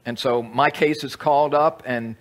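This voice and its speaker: A man's voice: medium pitch, steady tone, moderate pace. A man preaching a conversational sermon, teaching with asides to the audience. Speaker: pastor.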